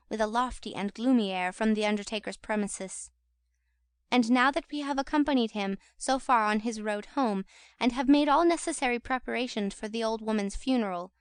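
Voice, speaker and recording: A woman narrating a classic novel audiobook in a measured reading voice. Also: a little high, smooth, no echo, studio quality. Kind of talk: scripted narration.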